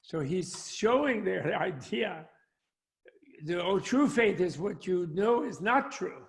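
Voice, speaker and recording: A man's voice: high-pitched, lively intonation, slow. An older man, a Buddhist scholar, talking over a video call in a rambling, anecdotal way with frequent chuckles. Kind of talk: discussion with jokes. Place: home, online talk.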